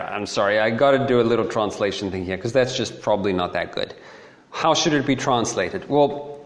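A man preaches through a Bible passage in a relaxed, conversational way, stressing his points by repeating them. His voice sits at an average pitch for a man. It rings out in a roomy hall with a long echo trailing behind each phrase. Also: gravelly. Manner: animated, conversational, repeats key phrases for emphasis. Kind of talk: casual expository sermon. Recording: echoey hall with long reverb.

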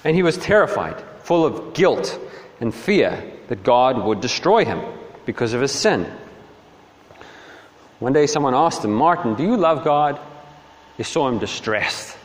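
A man preaching a sermon as a dramatic storyteller, swinging between hushed and emphatic. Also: mid-range voice, very animated, measured pace. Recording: long hall reverb.

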